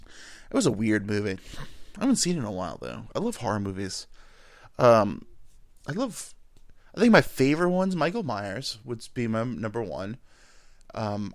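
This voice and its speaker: A man's voice: mid-range voice, dry recording, studio quality. A man hosting a casual solo podcast from home, rambling and crude, with lots of filler words. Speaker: podcast host.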